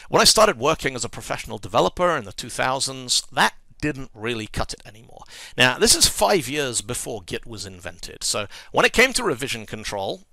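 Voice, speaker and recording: A man delivers a talk with wry, lively storytelling. His voice is bright and gravelly, and his pitch swings widely. The sound is dry and close. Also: dry recording. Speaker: conference speaker. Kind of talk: presentation talk.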